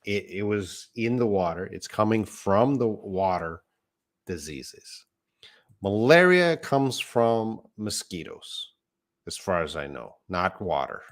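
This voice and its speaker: A deep-voiced man teaches English live online, going slowly through each word. He sounds middle-aged and patient, and he stops to correct himself before moving on. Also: very animated. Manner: patient, explains words step by step, corrects himself.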